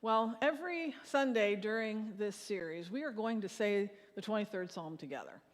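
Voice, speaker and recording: A woman's voice: mid-range voice, lively intonation, normal speed. A woman pastor preaching a sermon to her congregation and leading them in a shared recitation. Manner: leads congregation in reciting a psalm. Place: large church sanctuary. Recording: long hall reverb.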